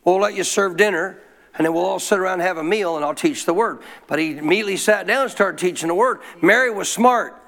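Pastor, male, high voice, preaching with call-and-response and scripture quotes. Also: quick pace, vocal fry, a bit bright. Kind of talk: sermon.

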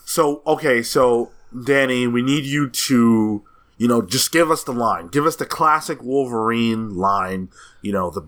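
A man's voice: medium pitch, measured pace. A man co-hosting a comics podcast, leading the chat and moving it along to new topics. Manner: animated, sets up topics. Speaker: podcast co-host. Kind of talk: casual chat.

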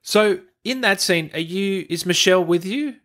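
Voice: medium pitch, lively intonation, normal speed, a bit bright. An interview host reading out viewer questions and praising the guest enthusiastically. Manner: enthusiastic, complimentary.

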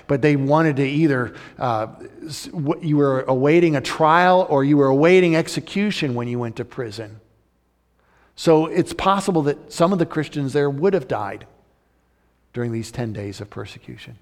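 A man preaching a sermon as pastor, swinging from loud urgent emphasis to soft, intimate appeals. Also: on the high side, expressive, moderate pace, long reverb tail.

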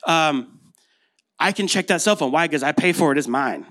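American guy in his 30s giving a chatty sermon, kinda high voice, lots of "right?". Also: animated, normal speed, fairly bright tone. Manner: conversational storytelling with rhetorical questions. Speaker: pastor.

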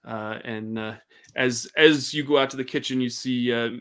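A man's voice: mid-range voice, fairly even intonation, moderate pace, a bit bright, clean tone. A man narrating as game master of a tabletop game, rambling, with many fillers and restarts.

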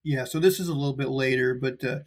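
A man's voice: medium pitch, fast talker. A man co-hosting a casual chat, recapping a film in a rambling way with many fillers. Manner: rambling, lots of "like" and "um" fillers, laughs easily. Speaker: podcast co-host recapping a film.

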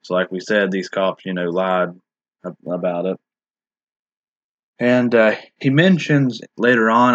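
A man with a lowish but fairly bright voice speaks in a casual discussion, rambling and hesitant, restarting sentences and leaning on filler words. The recording sounds dull and muffled, dry and close, with no room echo.

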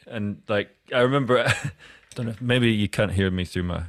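A Scottish podcast host conducts a casual interview, talking loosely and rambling with many restarts. His voice is fairly low at a moderate pace, recorded in studio quality with no room sound.

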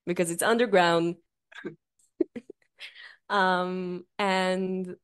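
A woman's voice: lowish voice, little pitch movement, very slow, smooth. A young woman co-hosting a podcast, telling stories in casual chat, swearing freely and laughing often. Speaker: podcast co-host.

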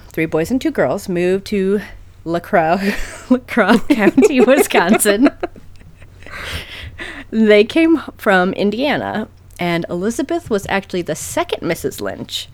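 A woman's voice: mid-range voice, sing-song, normal speed, a little mellow, no room sound. A woman co-hosting a podcast, chatting casually and telling a story, laughing often and swearing freely. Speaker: podcast co-host.

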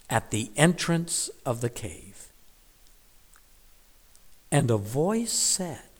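A man's voice: a little high, a little mellow, big-room sound. A man giving a devotional Bible reading and reflection, thoughtful, sometimes dropping to a whisper on key words. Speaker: Bible teacher.

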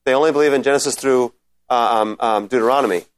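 A man's voice: mid-range voice, quick pace, clear, resonant tone. A man teaching a Bible class in a conversational lecture style, reading scripture aloud and checking in with his listeners. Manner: reads scripture aloud, then explains. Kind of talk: informal lecture with Q&A.

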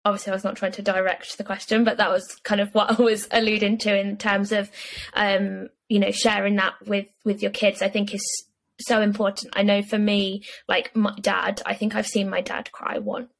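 A woman hosts an interview podcast, asking her questions gently and adding her own thoughts. Her voice stays flat and even, with a gravelly fry. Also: mid-range voice, normal speed. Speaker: podcast host.

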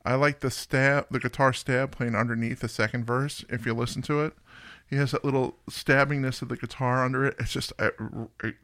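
A man's voice: medium pitch, fairly even intonation, fairly quick, fairly bright tone, no room sound. A man co-hosting a music podcast, chatting casually in a joking, digressive way. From United States. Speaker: podcast co-host.

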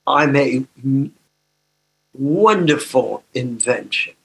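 An older man with a slight tremor in his voice, sharing his own story slowly and emotionally with a recovery group. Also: mid-range voice, expressive, gravelly, fairly bright tone. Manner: slow and emotional, with laughter. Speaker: recovery workshop speaker. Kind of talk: personal sharing talk.

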